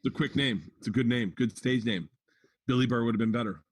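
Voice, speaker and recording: A man's voice: mid-range voice, quick pace. A man hosting a casual comedy fundraiser chat, telling laid-back stories and swearing freely.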